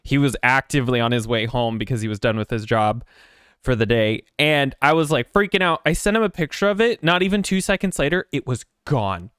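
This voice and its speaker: A man's voice: mid-range voice, expressive, a little fast, a bit bright, clean tone, no room sound, studio quality. A man streaming from his apartment desk, chatting in a rambling, jittery way with lots of swearing and self-mockery. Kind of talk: casual chat before a game stream.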